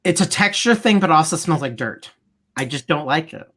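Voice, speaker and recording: A man's voice: fairly high pitch, lively intonation, normal speed, fairly bright tone. A man co-hosting a casual livestream chat, emphatic and dramatic about foods he dislikes. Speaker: co-host.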